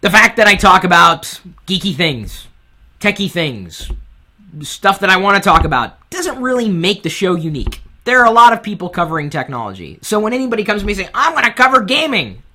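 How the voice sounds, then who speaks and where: A man with a high-pitched voice hosting a live-streamed web show from his studio set, talking candidly and from the heart into a boom mic on top of the camera. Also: a little fast. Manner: animated, candid, speaks from the heart. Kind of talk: live-streamed advice talk. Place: home studio set with lights.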